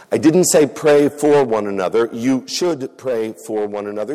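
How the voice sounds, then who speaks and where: A man's voice: mid-range voice, moderate pace, hardly any pauses, dark tone. A man preaching a sermon as a pastor, telling stories with earnest emphasis and repetition. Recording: reverberant hall.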